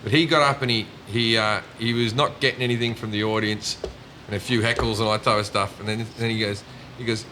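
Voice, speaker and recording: Aussie guy chatting, bright lively voice, swears a lot, faint hiss behind. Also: fairly low pitch, quick pace. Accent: Australian. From Australia. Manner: animated storyteller, swears, mimics people. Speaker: comedian guest. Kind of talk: casual chat.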